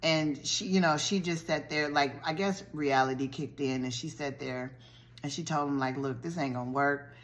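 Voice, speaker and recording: A woman vlogger recapping a TV show's plot in a lively, colloquial storytelling style, full of slangy asides. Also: deep voice, moderate pace. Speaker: vlogger reviewing a TV show.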